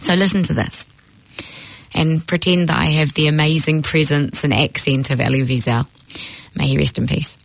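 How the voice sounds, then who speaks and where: A woman teaching a lesson, telling a joke with earnest, animated delivery. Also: low voice, moderate pace, creaky, no echo, low-quality recording. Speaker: teacher of Jewish texts. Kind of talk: storytelling lecture.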